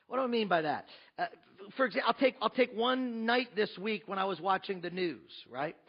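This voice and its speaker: A man preaching a sermon as pastor, emphatic, with rhetorical questions, swinging between loud and hushed. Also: high-pitched, gravelly, highs cut off.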